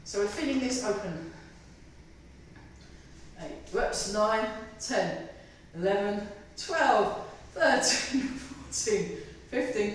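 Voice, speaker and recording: Slow-counting woman fitness instructor, echoey room. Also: medium pitch, animated, slight background noise. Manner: chatty, self-mocking, giggly between counts. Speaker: tai chi fitness instructor. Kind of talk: live class instruction, counting reps. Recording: echoey room, voice from far off the mic.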